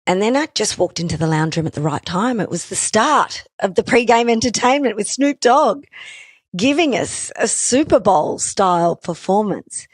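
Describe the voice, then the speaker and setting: A woman's voice: mid-range voice, lively intonation, normal speed, slightly rough, dry recording, studio quality. A middle-aged Australian woman hosting a podcast, talking alone in a chatty, self-deprecating way with joking asides. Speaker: podcast host. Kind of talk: solo podcast chat.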